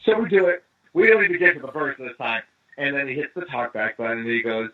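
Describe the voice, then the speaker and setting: Calling in over a tinny phone line, a drummer from East Los Angeles guests on an interview and tells a long anecdote, acting out the voices of the people in it. He has a medium-pitched voice and talks fast, a lively storyteller.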